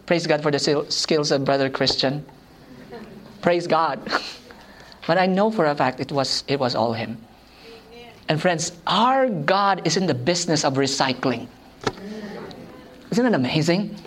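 A woman delivers a sermon through personal anecdotes. She is animated and pokes fun at herself, breaking into laughter often before turning back to her message. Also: deep voice. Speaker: preacher.

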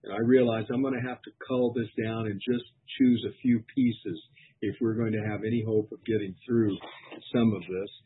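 A man's voice: lowish voice, little pitch movement, normal speed, slight background noise. A middle-aged man, a pastor, giving an earnest, reflective personal testimony sermon. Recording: tinny phone-like sound.

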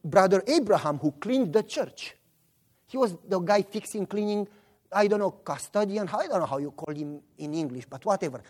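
This preacher has a Romanian accent and a voice that sits high, delivered at a normal speed. He tells his sermon stories with lots of animation, voicing each character himself.

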